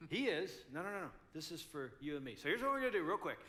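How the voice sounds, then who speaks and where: A man's voice: on the high side, very animated, fast talker, bright, forceful tone. An older man in his sixties, a pastor speaking at a couples conference, telling a story animatedly and acting out both sides.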